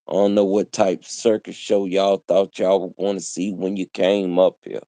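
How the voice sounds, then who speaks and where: Preachy man with a low, mellow voice. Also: dry recording. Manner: preachy, repetitive, street slang. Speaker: livestream host. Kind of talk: casual livestream monologue.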